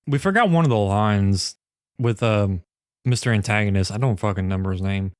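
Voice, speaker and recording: A man's voice: fairly low pitch, lively intonation, a little fast, clear, resonant tone, no echo, clean studio sound. A man co-hosting a podcast, casually and profanely retelling scenes from a cult film. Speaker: podcast co-host. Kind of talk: casual movie review chat.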